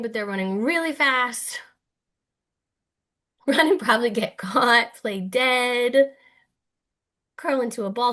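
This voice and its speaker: A woman teaches a virtual clinical workshop over a video call, her voice sitting a little high. She talks in a chatty, playful way and leans hard on key words for emphasis. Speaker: clinical trainer.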